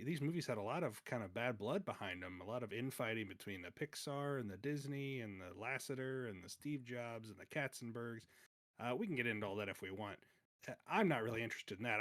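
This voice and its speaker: A man's voice: mid-range voice, fairly bright tone, dry recording. A man hosting a movie podcast in casual, jokey chat, laughing often. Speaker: podcast host and judge.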